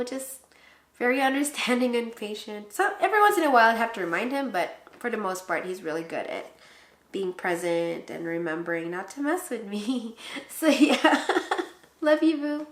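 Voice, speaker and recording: A woman in her twenties from the Philippines talks casually to her viewers with a fairly high voice, breaking into laughs and acting out what people said. The room has a noticeable echo. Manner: chatty, laughs often, acts out quotes. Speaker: pregnancy vlogger. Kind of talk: casual chat to camera. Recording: echoey room.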